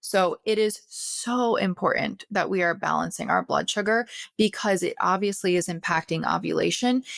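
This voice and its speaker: A woman's voice: on the low side, creaky, a bit bright, no room sound. A woman hosting a health podcast in her thirties, talking casually and checking in with frequent "okay?" asides. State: out of breath. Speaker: podcast host. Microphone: podcast recording setup.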